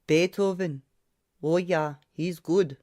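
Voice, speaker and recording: A talkative old barber voiced by a woman with a thick Slavic accent, chatting in broken English in a steady patter as he works. His voice sits a little low and comes across slightly distant, as in an audiobook. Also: normal speed, natural voice. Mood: chatty.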